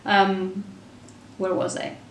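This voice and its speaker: A woman giving parenting advice straight to her camera, earnest and chatty, breaking off for quick asides. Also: medium pitch, completely flat delivery. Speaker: parenting vlogger and mother. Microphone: camera mic. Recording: echoey room, voice a bit far from camera.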